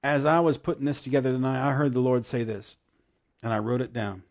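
A man preaching a devotional sermon, emphatic and repeating key lines slowly, at times dropping to hushed praise. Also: mid-range voice.

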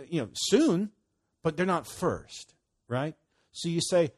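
A man's voice: a little high, big pitch swings, slow pace, husky. A man preaching a sermon in a folksy, emphatic way, quoting scripture and breaking into sudden exhortations.

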